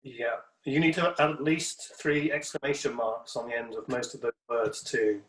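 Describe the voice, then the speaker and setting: A male poet guest on a radio show, speaking in a thoughtful, measured way. His voice has a roomy echo around it. His pitch sits in the middle for a man. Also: fairly even intonation, a bit bright. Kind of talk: radio interview.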